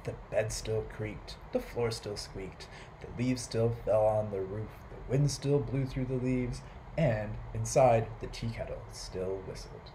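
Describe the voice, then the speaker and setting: A man reading a children's story aloud as a library storyteller, animated and playful, making animal and household sound effects. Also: lowish voice, unhurried, a little hiss or hum, low-quality recording.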